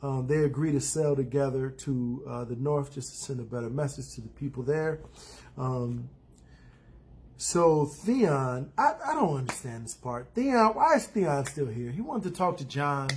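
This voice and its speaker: A man recaps a TV episode in a casual, rambling way, his medium-pitched voice sing-song and a little slow. He uses many fillers and restarts, drops in blunt opinions, and briefly acts out characters' lines.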